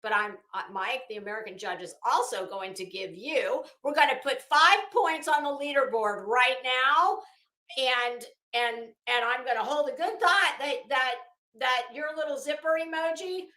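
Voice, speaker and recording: A woman's voice: sits high, moderate pace, bright, forceful tone, roomy sound. A woman hosting a casual live stream, chatting with viewers by name and swearing freely. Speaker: live stream host reading chat.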